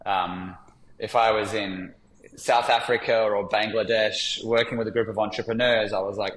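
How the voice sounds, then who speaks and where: A man, a podcast guest telling stories in a candid, relaxed way with many fillers. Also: on the low side, normal speed, echoey room, a little hiss or hum, rough recording. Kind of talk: reflective storytelling in conversation.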